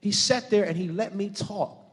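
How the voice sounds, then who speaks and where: A high-voiced man preaches with fervor, turning straight to his congregation as their pastor. His voice carries a long reverb through the church hall around him. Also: normal speed, husky. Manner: fervent preaching, addresses the congregation directly. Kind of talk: sermon.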